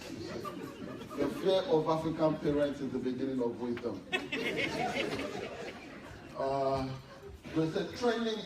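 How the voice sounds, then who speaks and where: Recorded from a distance in an echoey event hall, amid crowd noise and laughter, a Nigerian-accented man delivers a stand-up set. In a slightly high voice, he tells lively stories and acts out his mother.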